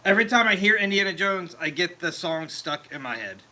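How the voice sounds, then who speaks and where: A man's voice: high-pitched, animated, brisk, pushed and bright. A man hosting a casual home mead-making livestream, chatting loosely and laughing at himself as he answers viewers. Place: home meadery.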